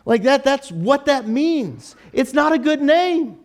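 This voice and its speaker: Male pastor, high voice, casual sermon, chatty, joking asides, restarts often. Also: sing-song, slow pace. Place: church.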